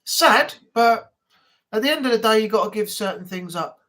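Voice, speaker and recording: A man with a British accent hosting a relaxed live stream chat, rambling casually and now and then playing with silly accents. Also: sits high, moderate pace. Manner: chatty, rambling, playfully tries silly accents.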